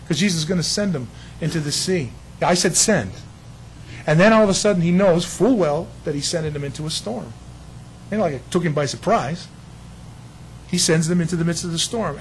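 Animated preacher man, hushed to loud. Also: a little high, slight background noise, rough recording. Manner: lively storytelling preacher acting out voices, swings between hushed and loud. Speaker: pastor. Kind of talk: sermon.

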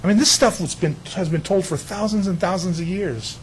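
A man preaching a sermon in a lively storytelling way, dropping to hushed tones and rising to loud bursts. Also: high-pitched, brisk, slightly rough, poor audio. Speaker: pastor.

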